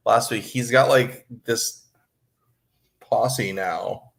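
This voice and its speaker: A man co-hosting a wrestling podcast who chats casually in a low-key way. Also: drawn-out words, vocal fry, a bit bright. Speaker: podcast co-host. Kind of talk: casual chat.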